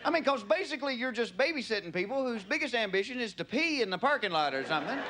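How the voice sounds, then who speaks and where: Doing stand-up at a comedy club, a man with a Southern US accent drawls through stories and shifts into character voices, his sharp, very high voice swinging widely in pitch at a quick pace with hardly any pauses. The live recording includes crowd noise and laughter.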